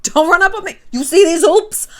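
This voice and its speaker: A woman's voice: very high-pitched, moderate pace, darkish tone, pitched above the performer's own voice. A woman putting on a streetwise Staten Island Italian tough-girl voice, brash and ready to fight. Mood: combative.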